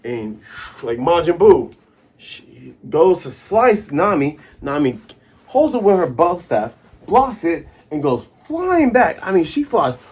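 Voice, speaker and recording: Host, man, husky voice, lively comic recap, sound effects on the fly. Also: a little high, takes it slowly. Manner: animated, doing sound effects and character voices.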